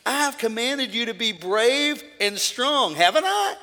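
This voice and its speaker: A middle-aged man preaching a lively sermon, telling stories in quiet asides and then shouting his points. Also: a little slow, long reverb tail. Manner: storytelling, swings from low asides to shouted preaching. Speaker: pastor. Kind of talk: energetic sermon.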